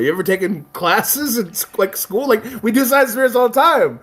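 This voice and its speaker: A man's voice: sits high, animated, fairly quick, a bit bright. A man in casual chat, speaking emphatically, swearing freely and acting out quoted exchanges.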